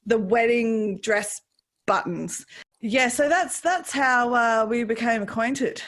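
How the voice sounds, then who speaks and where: A woman with an Australian accent hosting a podcast in casual chat, loud, laughing and swearing freely. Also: on the high side, slow. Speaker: podcast host.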